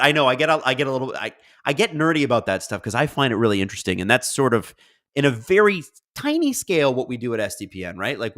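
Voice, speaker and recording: Reading out viewer comments and riffing on them, this livestream host keeps things casual and chatty. He speaks at a medium pitch with a bright, forceful tone.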